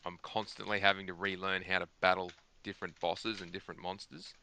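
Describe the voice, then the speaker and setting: A man's voice: low-pitched, level tone, fairly quick, pushed and bright, slight background noise. A man talking at length on a gaming podcast, rambling and emphatic, restarting his sentences often. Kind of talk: casual chat.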